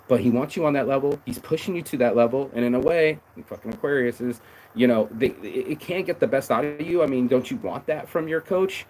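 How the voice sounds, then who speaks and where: A man's voice: medium pitch, fairly quick, darkish tone, a little hiss or hum, poor audio. A man hosting a casual motivational monologue, blunt and profane, rambling and emphatic, often confessional and hard on himself. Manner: confessional, self-critical. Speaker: podcast host.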